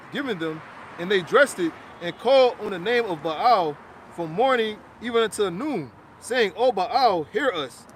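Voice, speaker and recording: A man reading scripture aloud, loud and halting, a bit away from the mic. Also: high voice, slight background noise. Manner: reads scripture loudly with halting starts.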